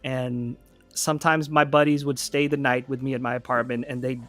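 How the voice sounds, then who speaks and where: A man's voice: medium pitch, little pitch movement, moderate pace, a bit bright, soft background music. A man co-hosting a casual livestream chat, telling a story in a rambling way with frequent restarts. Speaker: podcast co-host.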